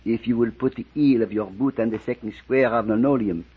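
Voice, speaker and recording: An actor playing a suave, menacing gangster waiter who speaks in stiff, overly polite phrases, in old radio drama style. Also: male voice, mid-range voice, fairly quick, husky. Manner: stiff, overly polite, keeps saying "gentlemen". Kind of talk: 1940s radio acting. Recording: dull lo-fi old radio recording.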